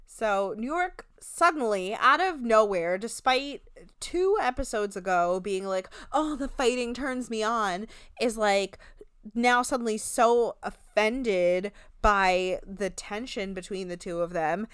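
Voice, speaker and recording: A woman co-hosting a podcast, recapping a reality show in casual, animated chat, swearing freely and acting out quotes. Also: medium pitch, slow, clean tone, no room sound, studio quality.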